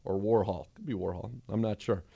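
Male sports radio host, mid-pitched, upbeat and jokey, slightly muffled dry recording. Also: fairly even intonation, brisk, vocal fry, warm tone, breathy edge, dry recording. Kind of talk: casual sports talk.

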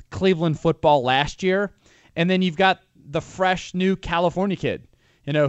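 Male sports radio co-host, slightly high voice, dry close sound, rambling analysis. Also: clear, resonant tone, dry recording, highs cut off. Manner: rambling, restarts often. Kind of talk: casual sports talk.

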